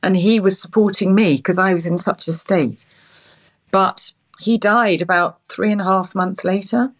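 A middle-aged woman guest, speaking haltingly and close to tears. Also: medium pitch. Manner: halting, emotional, many restarts. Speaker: interview guest.

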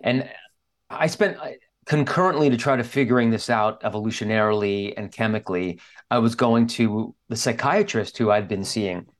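A man's voice: fairly low pitch, normal speed. A man speaking as an interview guest, telling a candid personal story in an earnest, openly emotional way. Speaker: guest author.

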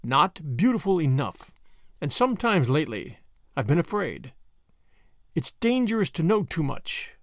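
Hoarse, frightened older woman schemer in a storybook reading, read by a man; low, dangerous edge; dry, close sound. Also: sing-song, measured pace, no room sound. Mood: brooding.

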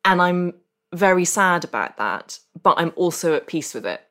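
A woman's voice: lowish voice, big pitch swings, normal speed, a bit bright. A middle-aged woman hosting a podcast, speaking candidly and reflectively in casual interview chat. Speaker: podcast host.

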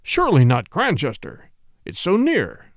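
A bluff, jovial old retired colonel with a hearty, teasing way of talking, read by a male narrator. His tone swings widely in pitch. The voice is dry and close. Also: huge pitch swings, a little slow, dry recording, full character voice. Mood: curious.

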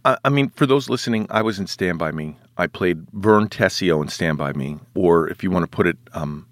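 A man's voice: low-pitched, expressive, brisk, no room sound, clean studio sound. A man in his forties, an actor guest chatting in a casual podcast interview, rambling and self-mocking with many restarts. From United States.

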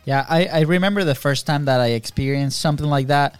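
A man's voice: fairly high pitch, fast talker, clear, resonant tone, no room sound, faint music behind. A man co-hosting a podcast, talking earnestly and often checking in with "right?". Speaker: podcast co-host. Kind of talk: casual conversation.

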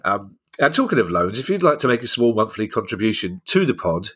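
A man hosting a podcast in relaxed, casual chat, with dry, teasing humour. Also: on the low side, brisk, breathy edge. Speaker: podcast host.

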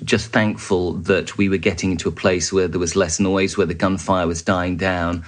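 A journalist recounting a war experience in an interview, vivid and halting, with fillers and restarts. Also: male voice, low-pitched, level tone. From United Kingdom. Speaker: journalist guest.

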